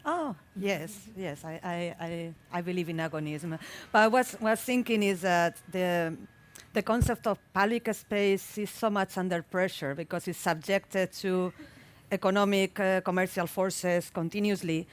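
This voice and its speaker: A woman architect and researcher speaking on a public panel in a thoughtful, halting way, often repeating words. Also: on the low side. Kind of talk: panel discussion. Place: public talk event.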